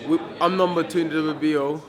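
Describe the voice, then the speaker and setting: Brash heavyweight fighter, defiant and repetitive, raised pitch over crowd chatter. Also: male voice, fairly even intonation, quick pace. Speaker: professional heavyweight boxer. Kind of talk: casual press interview.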